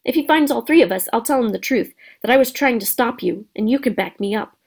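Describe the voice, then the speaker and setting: A woman's voice: fairly high pitch, animated, brisk, creaky, slightly rough, exaggerated voice. A woman voicing a bossy, know-it-all schoolgirl who lectures shrilly in a storybook reading. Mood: indignant lecturing.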